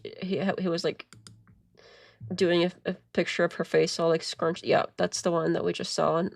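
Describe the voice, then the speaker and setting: A woman's voice: on the low side, flat delivery, moderate pace, gravelly, dry recording. A woman streamer commenting casually and sarcastically, rambling with many fillers and laughing at her own jokes. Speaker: streamer reacting to a call.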